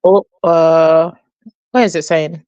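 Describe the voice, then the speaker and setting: A woman with a lowish voice co-hosts a casual chat. She playfully goads her friend, and the sound is dry and close. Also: fairly even intonation, slow pace, dark tone, dry recording, lo-fi sound. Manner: playful, egging on. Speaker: co-host.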